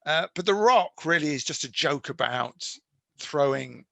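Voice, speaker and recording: A man, a film critic, speaking as an interview guest in an animated, digressive way with many restarts. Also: a little high, measured pace, vocal fry, dry recording, low-quality recording. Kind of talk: podcast interview.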